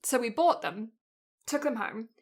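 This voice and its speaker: A British woman co-hosting a podcast, telling a story in a chatty, animated way and laughing often. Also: on the high side, a little slow. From Britain. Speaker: podcast co-host.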